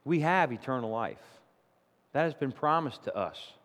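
A man preaching a sermon, telling a story in a lively, animated way. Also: normal speed, big-room sound. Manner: animated storytelling, rising to loud indignant pitch in acted quotes. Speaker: pastor. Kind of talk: sermon with a told joke.

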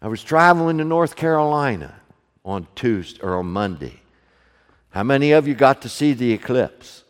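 A middle-aged man preaching a sermon to his congregation, moving from hushed storytelling to loud, fervent preaching. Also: medium pitch, animated, normal speed, clear, resonant tone. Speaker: pastor. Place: church sanctuary, also streamed online. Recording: long hall reverb.

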